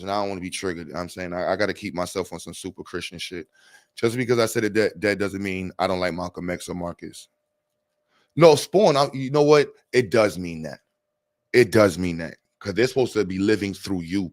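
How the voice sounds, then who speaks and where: A man hosting a casual live stream, talking in slang and reading chat messages aloud to answer them. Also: on the low side.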